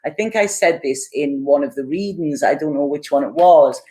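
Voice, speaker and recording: A woman's voice: low voice, moderate pace, mellow. Earnest woman giving a tarot reading. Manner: earnest, reassuring, many "okay?" and "you know" asides. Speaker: tarot reader.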